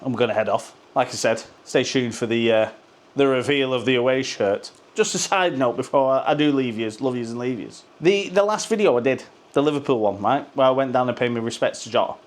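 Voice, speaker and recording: A man's voice: medium pitch, animated, fairly quick. A man, a football fan vlogger ranting to camera in a sweary, sarcastic, rambling way, hot and sweating. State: sweating from the heat. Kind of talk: ranting casual monologue to camera.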